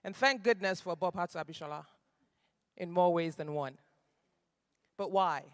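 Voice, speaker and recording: A man's voice: sits high, moderate pace, clean tone, in a large hall. A man from Nigeria, an actor, giving a public speech and pressing his point with repeated rhetorical questions. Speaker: actor giving a keynote address.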